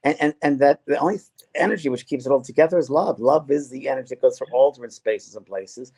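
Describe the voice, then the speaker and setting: A man's voice: mid-range voice, fast talker, a little mellow, husky. A middle-aged man, a medium hosting a casual conversation about spirit messages, earnest, with frequent restarts and repetitions. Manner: earnest, repeats himself with many restarts. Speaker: medium and show host.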